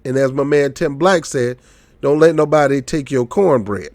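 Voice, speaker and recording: Speaking at normal speed with a medium-pitched voice, a man delivers casual political commentary on his own channel. He jokes, mocks, and tells his stories in an animated way.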